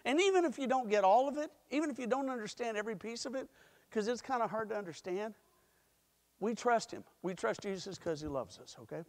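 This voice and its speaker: A man's voice: sits high, animated, fairly quick. A middle-aged man telling a story to children in a church sanctuary, playful and coaxing. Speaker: church leader giving the children's message. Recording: long church hall reverb.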